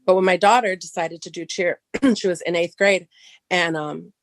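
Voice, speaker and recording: This podcast guest, a middle-aged Southern Californian woman, relaxes into a personal anecdote, performing the dialogue and rising high in pitch with excitement. She keeps a moderate pace, and the recording is dry.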